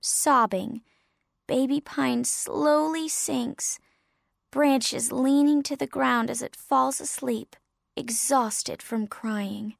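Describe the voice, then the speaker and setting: A woman narrating a story clearly and deliberately for English learners. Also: high voice, no echo, studio quality.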